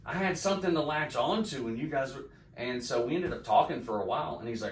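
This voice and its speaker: A man in his forties from the Midwest, co-hosting a chatty podcast and telling stories with lots of excitement, acting out what people said. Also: mid-range voice, quick pace, a little hiss or hum. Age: 40s. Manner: excited storyteller, acts out quotes. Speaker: podcast co-host. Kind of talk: casual chat. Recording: echoey room, mic at a distance.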